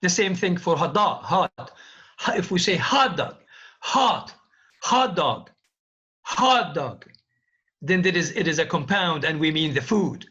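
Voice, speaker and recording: A man with a high, bright voice teaches linguistics online in an unhurried, deliberate way. He repeats example words over and over to make his point. The sound is muffled and lo-fi, as through a call. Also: lively intonation. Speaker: linguistics lecturer. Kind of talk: online university lecture.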